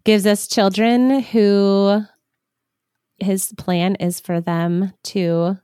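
Woman, podcast host, sincere, reflective faith talk, mid pitch, dry close sound. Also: little pitch movement, extremely slow, warm tone, clean tone, no echo. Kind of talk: Christian podcast conversation.

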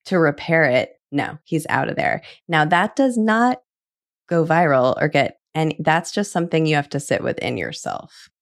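A woman's voice: low-pitched, slow, dry recording, clean studio sound. A woman hosting a podcast, casually laying out detailed hypothetical scenarios with lots of "like" fillers. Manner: spins vivid hypothetical scenarios, heavy on "like". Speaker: podcast host. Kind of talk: casual chat.

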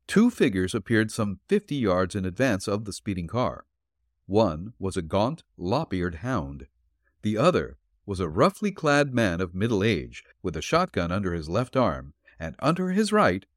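A man narrating a detective story in a low voice that moves expressively up and down. His delivery is steady and measured. The sound is dry and close to the mic. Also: no echo. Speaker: audiobook narrator.

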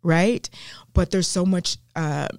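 A woman with a Southern US accent, a guest teaching the Bible in an interview, earnest and animated with many ums and restarts. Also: fairly low pitch, slow pace, vocal fry, no echo, clean studio sound. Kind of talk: faith podcast interview.

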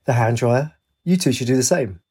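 Wraith, a man doing a gruff scruffy ex-Marine. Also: mid-range voice, normal speed, a little mellow, lightly acted. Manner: gruff, curt. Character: gruff homeless ex-Marine man, snappy and guarded.

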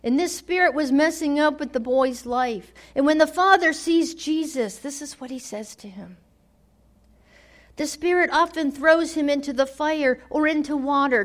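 A woman preaching a sermon, dramatic, swinging from loud declarations to hushed near-whispers. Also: sits high.

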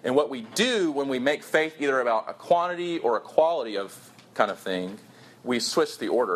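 A man's voice: mid-range voice, lively intonation, fairly quick. A young man preaching a sermon to college students, earnest and storytelling, with his voice jumping up for emphasis.

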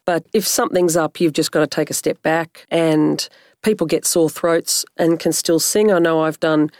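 A woman, a slightly hoarse narrator and speech pathologist, explaining in a measured coaching way during an interview. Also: sits low, steady tone, a little mellow, no echo, clean studio sound. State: slightly hoarse from a recent cough. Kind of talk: conversational interview.

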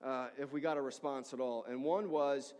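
Animated pastor preaching in a reverberant hall. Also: male voice, mid-range voice, moderate pace. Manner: animated storytelling, acting out voices of people in his story. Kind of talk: sermon.

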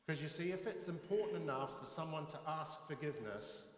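A man's voice: on the high side, lively intonation, fairly quick. Man, pastor, conversational sermon, questions to the congregation, roomy echo, long hall reverb. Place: church.

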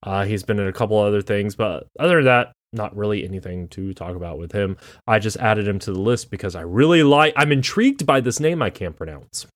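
A man's voice: on the low side, a little fast, hardly any pauses, no echo, studio quality. A man co-hosting a podcast, casual and playful, teasing and sounding words out. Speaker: podcast co-host. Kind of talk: casual chat.

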